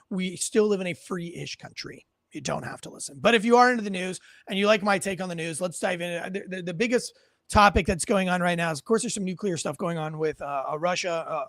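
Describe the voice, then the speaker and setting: A man's voice: sits high, fairly bright tone, no echo. A man hosting a podcast in a casual, rambling storytelling way, often restarting his sentences. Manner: rambling, self-correcting storyteller. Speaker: podcast host.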